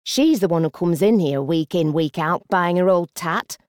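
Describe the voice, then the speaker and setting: A blunt, huffy woman in her forties, played by a woman narrator, dry and dismissive. Her low, dark voice sounds close and dry. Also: expressive, normal speed, no echo, close to an everyday voice. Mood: scornful. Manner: huffy, scornful. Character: blunt, humorous woman coworker, 45.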